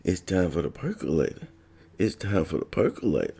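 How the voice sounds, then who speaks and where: A man's voice: sits low, big pitch swings, normal speed, creaky, dark tone, slightly rough, voice pushed up, full character voice. A man voicing his goofy young roommate, teasing in a playful sing-song.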